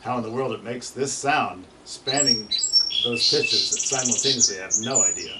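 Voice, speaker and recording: A man talks an audience through a slide show, chatty and full of questions, sometimes mimicking bird songs in words. He is caught from a distance. Loud recorded birdsong plays around his voice. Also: mid-range voice, moderate pace, background noise. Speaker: bird presenter. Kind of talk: informal slide presentation to an audience.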